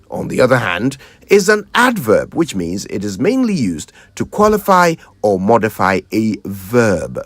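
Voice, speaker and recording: A man's voice: medium pitch, no room sound. A Ghanaian man hosting a morning radio show and losing his voice, playfully lecturing on grammar with emphasis. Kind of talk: radio show banter and language tips. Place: radio studio. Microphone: studio microphone.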